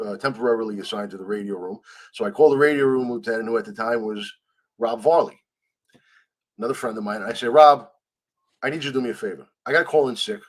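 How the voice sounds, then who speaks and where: A man telling a story in a conversational interview, acting out the people he quotes and swearing freely. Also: lowish voice. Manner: animated, acts out quoted dialogue, swears freely. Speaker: guest.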